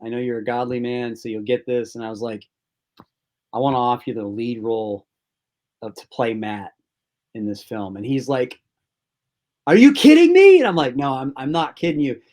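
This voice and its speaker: A man's voice: medium pitch, fairly even intonation, moderate pace, darkish tone. A film director as an interview guest, telling rambling casual anecdotes and acting out his own quoted thoughts.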